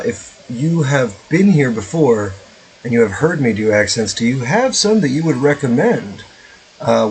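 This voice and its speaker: A man's voice: medium pitch, a little hiss or hum, poor audio. A man casually commentating his gameplay as a streamer, rambling with lots of fillers and offhand swearing.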